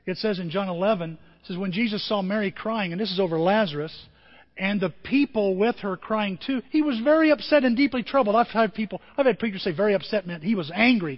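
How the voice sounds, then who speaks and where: A man pastor preaching a sermon with emotion, his voice moving from quiet and tender to loud and emphatic. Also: sits high, big-room sound, muffled recording. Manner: emotional, swings from soft to emphatic.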